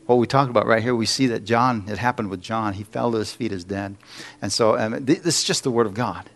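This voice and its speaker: A man's voice: fairly low pitch, fairly quick. Man preaching a personal testimony. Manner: storytelling with acted-out quotes and self-deprecating jokes. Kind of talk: sermon testimony. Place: church.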